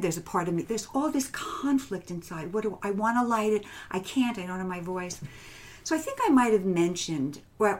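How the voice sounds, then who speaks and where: A woman guest, a transformational coach, telling personal stories in a gentle, reflective way that often drops to a hushed whisper, with light laughter. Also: fairly low pitch. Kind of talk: heartfelt personal storytelling interview.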